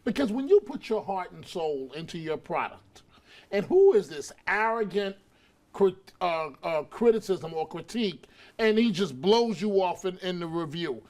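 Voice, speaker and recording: A male panelist on a talk show, telling a lively anecdote and laughing as he goes. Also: high voice, normal speed. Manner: animated, laughing while telling a story. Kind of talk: anecdotal storytelling.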